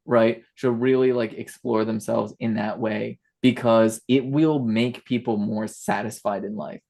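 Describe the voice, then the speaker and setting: A woman's voice: rumbling low, warm tone. A woman guest on a podcast speaking earnestly and emphatically. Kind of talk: casual conversational chat.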